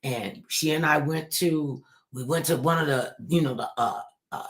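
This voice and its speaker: An older woman telling a personal story in a casual interview, animated and expressive. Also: moderate pace. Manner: animated, acts out quoted voices with big pitch jumps.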